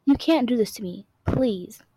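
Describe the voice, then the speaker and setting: A woman's voice: fairly high pitch, expressive, moderate pace, warm tone, slightly rough, no room sound, low-quality recording. A woman voicing a distraught mother desperately pleading for her child, in a dry recording.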